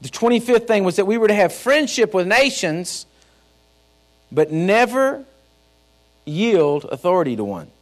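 A man's voice: sits high, big pitch swings, unhurried, pauses often. A man with a Texan accent, preaching a sermon to his church in a folksy, emphatic storytelling manner. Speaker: pastor.

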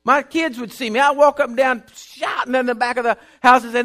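A high-pitched man preaches a sermon, hammering points through repetition and breaking into shouts. A steady mains hum sits under his voice. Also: fairly quick, hardly any pauses. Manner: rising to shouting, emphatic repetition.

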